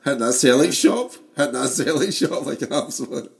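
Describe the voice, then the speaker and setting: A Scottish man in his forties, chatting about football and family in an animated way, laughing often, his voice going a bit hoarse. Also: mid-range voice, fairly quick. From Scotland. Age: 40s. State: losing his voice. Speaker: podcast co-host. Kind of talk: casual football chat.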